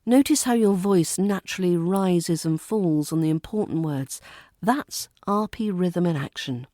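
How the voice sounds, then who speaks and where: A woman with a British RP accent, teaching a pronunciation lesson and modelling example sentences slowly and deliberately. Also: fairly low pitch, mellow, no echo, clean studio sound. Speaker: accent coach.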